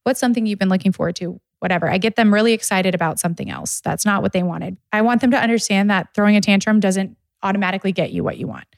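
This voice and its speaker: A woman talking casually on a parenting chat, telling stories with an easy laugh. Her voice sits at a middle pitch, recorded dry and close. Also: fast talker, creaky, hardly any pauses, no echo. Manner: laughs often, tells stories animatedly.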